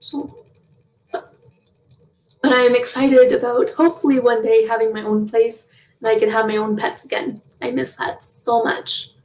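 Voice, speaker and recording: A woman's voice: a little high, flat delivery, normal speed, long pauses, a little mellow, distant mic, rough recording. A young woman chatting as an interview guest, laughing often between her phrases. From Canada. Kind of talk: casual interview chat.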